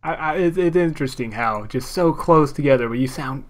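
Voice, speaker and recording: A man from California chatting casually in an animated, profane way, laughing and swearing often. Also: medium pitch, brisk. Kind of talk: casual chat.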